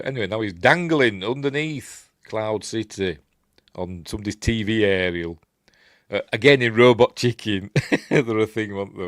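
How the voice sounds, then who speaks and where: This is a man with a broad Yorkshire accent chatting his way through a film breakdown. His voice sits on the low side but roams widely in pitch, and he drifts between remarks, chuckles, and playful character impressions. The sound is dry and close. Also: dry recording. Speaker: film reviewer. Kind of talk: casual film commentary.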